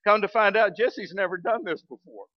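High-voiced folksy pastor. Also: male voice, normal speed, dry recording, muffled recording. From Arkansas, US. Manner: folksy, animated storytelling with acted shouts. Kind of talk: storytelling sermon. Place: church sanctuary.

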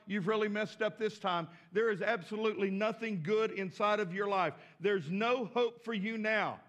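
Pastor guy preaching, high voice, stresses words, repeats himself. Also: fairly bright tone. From southern United States. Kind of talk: sermon.

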